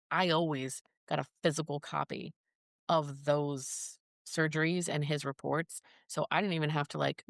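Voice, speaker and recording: A woman's voice: sits low, no room sound, clean studio sound. A woman speaking as a podcast guest, telling her story in an earnest, casual way and acting out the conversations she recalls. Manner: earnest, acts out quoted dialogue. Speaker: podcast guest, mother of a child with a rare disease.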